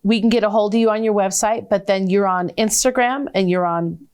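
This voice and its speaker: A woman's voice: medium pitch, steady tone, a little fast, a little mellow, clear, resonant tone. A woman hosting a faith-based talk show, effusive and affectionate with her guest, full of exclamations.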